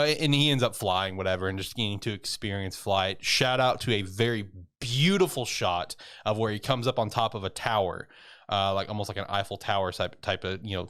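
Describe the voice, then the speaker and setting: A man's voice: lowish voice, a bit bright, clean tone. A man co-hosting a casual podcast, recapping a cartoon episode in a rambling, loose way with lots of fillers and casual swearing. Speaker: podcast co-host. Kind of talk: casual chat.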